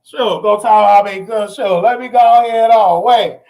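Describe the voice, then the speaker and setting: High-voiced man telling rowdy stories. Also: moderate pace. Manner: animated, loud, often shouting and laughing; rambling with frequent restarts and asides. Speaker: host of a live call-in show. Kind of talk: casual live-stream storytelling.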